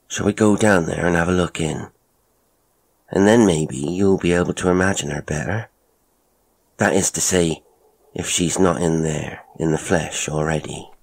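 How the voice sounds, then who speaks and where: A man's voice: low-pitched, breathy edge, exaggerated voice. A man voicing a teasing, blunt young rural man in an audio horror story, raising his voice above his usual narration. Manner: teasing, calls out brashly.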